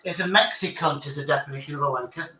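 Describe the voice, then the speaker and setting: A man's voice: on the high side, fast, sharp tone. A man hosting a live stream, telling jokey stories in casual chat. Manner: joking storyteller. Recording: roomy, lo-fi stream audio with faint background noise.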